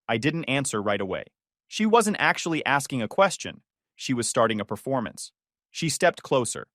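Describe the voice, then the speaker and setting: A man tells a first-person story in a calm, measured, matter-of-fact manner. His pitch rises and falls in a lively way even when he stays composed. The recording is dry and close. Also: no room sound. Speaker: narrator.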